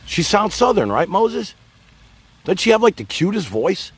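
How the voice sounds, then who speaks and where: A man's voice: high-pitched, very animated, a little slow, husky. A man hosting his own livestream, rambling casually and talking straight to his chat. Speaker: livestream host.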